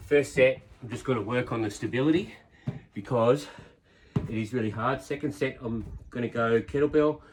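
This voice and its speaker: A man's voice: mid-range voice, moderate pace, a little hiss or hum, rough recording. A man in his fifties filming a workout vlog outdoors, counting reps and talking through his routine in a chatty, encouraging way. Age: 50s. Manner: chatty, encouraging coach talk. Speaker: fitness vlogger.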